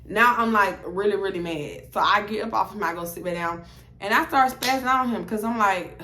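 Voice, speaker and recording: A woman's voice: mid-range voice, moderate pace, bright, forceful tone, roomy sound, slight background noise. A young woman, telling a blunt, profane story to camera and acting out both sides of the dialogue. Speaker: storytime vlogger.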